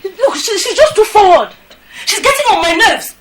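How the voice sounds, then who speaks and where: An actress playing a jealous young wife, complaining in a shrill, exasperated way. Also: female voice, very animated, fairly quick. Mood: indignant. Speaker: wife of the household. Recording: echoey room, mic at a distance.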